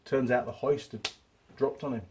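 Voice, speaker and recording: With slight background noise behind him, a middle-aged man speaks at normal speed in a medium-pitched, dark voice with fairly even intonation. He hosts a repair tutorial from his home workshop, chatting casually, digressing into stories, and poking fun at himself.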